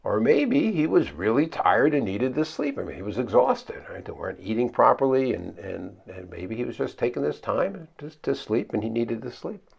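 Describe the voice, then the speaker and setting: A man's voice: medium pitch, sing-song, normal speed, vocal fry, breathy edge. A man pastor giving a conversational Bible study sermon, thinking aloud, often restarting phrases and asking the listeners questions. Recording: dull lo-fi recording.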